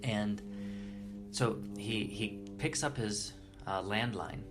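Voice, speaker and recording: Earnest man telling stories, lowish voice. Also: over loud music. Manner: earnest and reverent, halting restarts. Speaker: interview guest. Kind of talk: storytelling in conversation.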